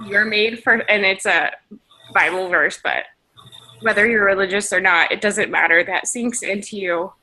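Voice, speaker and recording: A woman's voice: mid-range voice, normal speed, pushed and bright, rough recording. A woman leading a team video call, giving an emotional motivational pep talk in a shaky, tearful, gushing way.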